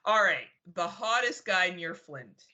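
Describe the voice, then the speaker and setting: A woman's voice: lowish voice, animated, unhurried, bright, forceful tone. A woman from Canada co-hosting a podcast, chatting casually with lots of laughing, swearing and rambling banter. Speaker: podcast co-host. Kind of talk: casual chat.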